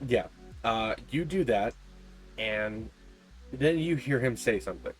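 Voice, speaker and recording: A man's voice: medium pitch, animated, measured pace, soft background music. A man narrating a tabletop game as game master, describing scenes with frequent ums and uhs.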